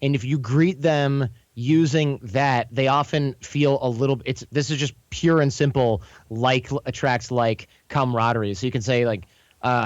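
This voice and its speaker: A man as a podcast guest, explaining casually in a quick, anecdotal way and often correcting himself mid-sentence. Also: medium pitch, fairly even intonation, no room sound, lo-fi sound. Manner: quick, chatty, anecdotal, frequent self-corrections. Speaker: podcast guest, charm coach.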